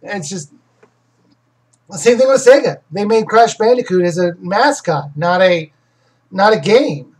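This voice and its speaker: A game reviewer with a husky, medium-pitched voice hosts a casual live Q&A on a rough recording, speaking a little slowly with lively intonation. Pausing often, the host rambles, corrects themselves and restarts sentences while giving opinions on games.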